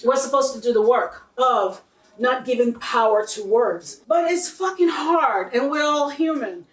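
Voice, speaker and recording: Woman, high voice, blunt and fiery monologue, off-mic in an echoey room. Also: unhurried, distant mic. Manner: blunt, heated and profane, mocking others in quoted voices. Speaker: vlogger. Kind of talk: impassioned monologue to camera.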